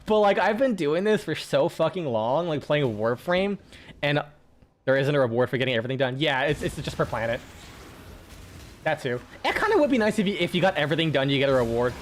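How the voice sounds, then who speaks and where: Rambling, fairly high-voiced male streamer. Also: sing-song, brisk, a little hiss or hum. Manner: rambling, swears often, many restarts. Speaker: game streamer. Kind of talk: casual gaming chat.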